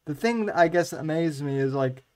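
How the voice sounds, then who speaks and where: A man's voice: fairly high pitch, animated, a little fast, a little mellow. A man hosting a podcast, asking questions hesitantly and stumbling over his words. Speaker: podcast host. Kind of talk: casual podcast interview.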